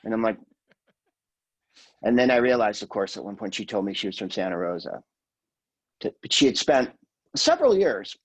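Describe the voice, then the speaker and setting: A husky man in his sixties, talking as a podcast guest in a fairly low voice. He rambles through profane stories and drops into quick impressions of the people he quotes. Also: lively intonation, muffled recording. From California, USA. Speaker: guest comedian. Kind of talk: casual podcast chat.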